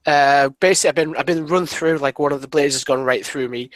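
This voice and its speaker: Hesitant young tabletop player. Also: male voice, a little high, fast talker, a bit bright, no echo. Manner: hesitant, self-deprecating, often muttering. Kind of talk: casual game chat.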